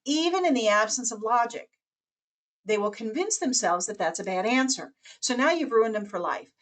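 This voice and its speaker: A woman presenting over a webinar call, her voice sitting a bit high for a woman. She talks with animated energy and slips into quick character voices when she quotes people. Her delivery is confident and instructional.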